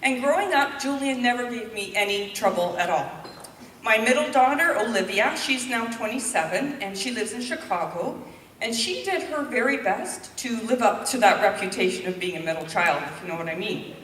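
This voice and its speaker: A woman's voice: on the high side, animated, normal speed, fairly bright tone, slight background noise. Heartfelt woman speaker in an echoey hall. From Canada. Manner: heartfelt, candid storytelling. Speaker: public speaker. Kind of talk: personal talk to an audience. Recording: echoey hall, mic from a distance.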